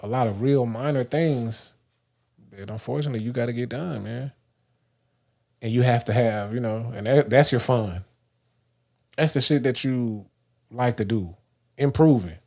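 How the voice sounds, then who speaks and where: A man's voice: medium pitch, darkish tone. Man from Dallas giving casual pep talk. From Dallas, Texas. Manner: loose and rambling, many restarts and fillers. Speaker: livestream host. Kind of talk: casual motivational monologue.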